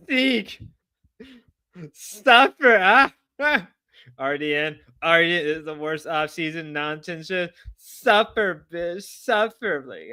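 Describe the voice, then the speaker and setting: A man hosting a live stream, reacting loudly and excitably while he chats and swears. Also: on the high side. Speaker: streamer host. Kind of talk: casual live-stream chat.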